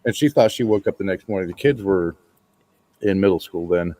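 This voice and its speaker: A man co-hosting a casual podcast, telling a relaxed story. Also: low voice, fairly quick. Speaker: podcast co-host. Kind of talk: casual chat.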